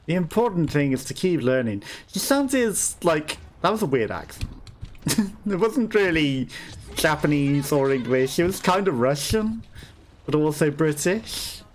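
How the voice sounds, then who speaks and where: An unhurried gameplay commentator whose pitch swings widely as they talk. They chat casually over the match, laughing often and tossing jokey asides to absent teammates. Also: big pitch swings. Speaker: let's play host.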